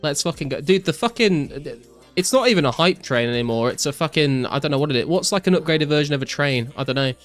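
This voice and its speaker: A young British man live-streaming a game, casually chatting and excitedly thanking viewers, swearing often. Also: fairly high pitch, fast, soft background music. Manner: excitable, swears a lot, thanks donors profusely.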